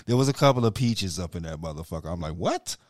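A man's voice: deep voice, animated, very fast. A man in profane, casual podcast chat who tells stories animatedly and laughs often.

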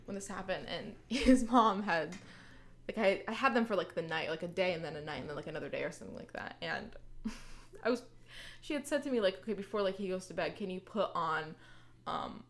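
A woman's voice: lowish voice, a little fast. A young woman in casual chat, telling babysitting stories with lots of fillers, often breaking into laughter. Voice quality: many fillers, giggly, animated storytelling.

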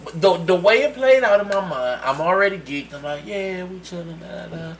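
A man telling a story in casual chat, animated and laughing often as he acts out quotes. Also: high voice, a little fast, rough recording. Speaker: podcast co-host telling a story.

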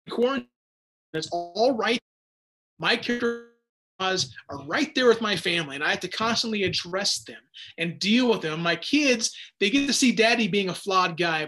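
High-voiced man teaching a Bible study. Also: pushed and bright. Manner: conversational, self-deprecating, with frequent restarts. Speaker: pastor.

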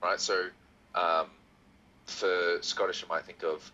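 A man chatting as a podcast guest over a video call, animated and theatrical, laughing often. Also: sits low, takes it slowly, long pauses, highs cut off. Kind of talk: casual chat.

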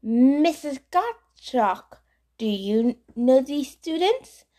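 A woman's voice: high voice, animated, extremely slow, warm tone, heavily acted. Woman doing a stern French male teacher. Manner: curt, commanding.

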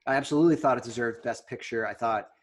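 Podcast co-host, man, faint New York accent, chatty and animated, mid-range voice. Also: medium pitch. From New York, Long Island area. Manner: chatty, quick asides, laughs easily. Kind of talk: casual chat.

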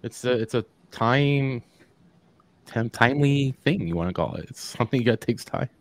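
A man co-hosting a casual trade podcast, working through a listener question with rough math. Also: medium pitch. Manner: lively, answers listener questions with quick math. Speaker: regular co-host, HVAC technician. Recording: fiddly mic, level jumps.

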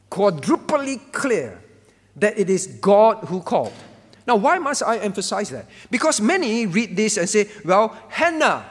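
A man's voice: sits high, long reverb tail. A man preaching a sermon as pastor, emphatic and repetitive, asking the congregation questions. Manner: emphatic, repeats key phrases, asks the congregation questions.

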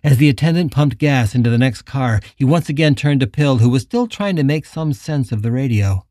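A man narrating an audiobook in an even, measured way. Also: medium pitch, no echo, studio quality.

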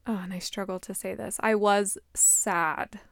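A young adult woman in casual chat, speaking candidly and haltingly as she searches for her words. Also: medium pitch, steady tone, gravelly, dry recording, clean studio sound.

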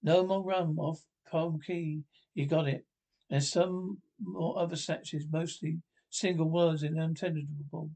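A man reading a classic adventure novel aloud, in a halting way with restarts and slips. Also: a little high, steady tone, vocal fry, dark tone. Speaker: audiobook reader.

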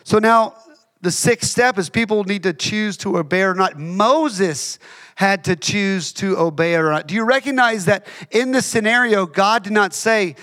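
High-voiced man preaching conversationally. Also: measured pace, a bit bright. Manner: conversational, emphatic with repeated phrases. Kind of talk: sermon.

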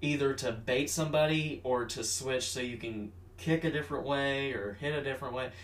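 A man's voice: mid-range voice, fairly quick, slight background noise. A man co-hosting a casual movie chat, wry and chatty, breaking down fight techniques. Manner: chatty, wry, knowledgeable about martial arts. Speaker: podcast co-host. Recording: echoey room, mic at a distance.

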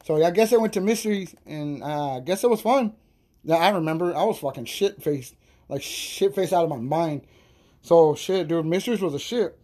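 A podcast host spins a rowdy tale in a loose, profane, laughing monologue. His voice sits high for a man. The tone is soft and mellow, never sharp. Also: normal speed. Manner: animated, profane, laughing storyteller. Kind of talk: casual storytelling monologue.

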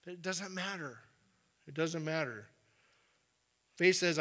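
A man preaching a sermon in a conversational way, dropping to a quiet, firm voice to make his points. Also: fairly high pitch, steady tone, moderate pace. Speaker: pastor.

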